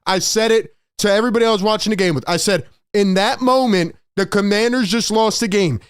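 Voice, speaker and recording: A high-pitched man delivers an animated postgame sports rant. He jumps into shouted bursts and acts out the players' voices. The recording is dry and close, with no room sound. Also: brisk, smooth, no room sound. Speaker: sports show host.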